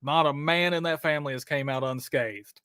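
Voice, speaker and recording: Man, trivia stream host, hyped and chatty, slightly high voice, dry close sound. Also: fairly even intonation, normal speed, a bit bright, clear, resonant tone, no echo. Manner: hyped, chatty, calls viewers brother and dude. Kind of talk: live-stream trivia hosting.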